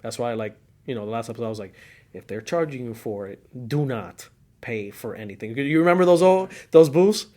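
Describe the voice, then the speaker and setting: A man's voice: medium pitch, a little fast. Middle-aged Cuban-accented man spinning stories. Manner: animated storyteller, laughs often, acts out quotes. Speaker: podcast host. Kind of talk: casual car-scene chat.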